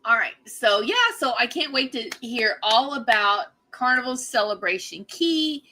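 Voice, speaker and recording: A woman's voice: on the high side, unhurried, pushed and bright, a little hiss or hum. A woman hosting a casual livestream, chatting bubbly with viewers and reading their comments. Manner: bubbly, chatty, laughs often. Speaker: livestream host.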